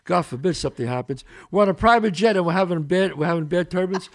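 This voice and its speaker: A man's voice: high voice, quick pace. A man hosting a podcast, chatting bluntly with his guest, swearing freely and telling wry stories of his own. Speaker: podcast host. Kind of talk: casual podcast chat.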